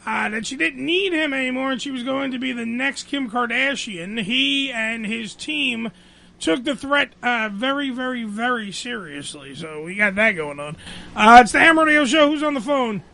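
Brash, gravelly male radio host. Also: extremely high pitch, lively intonation, normal speed, pushed and bright. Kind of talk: profane comedy radio banter.

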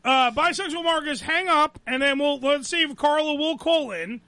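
Very high-voiced, foul-mouthed male host. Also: normal speed, bright, forceful tone, no room sound. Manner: profane, joking, talks over the caller. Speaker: radio show host. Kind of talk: crude call-in talk radio.

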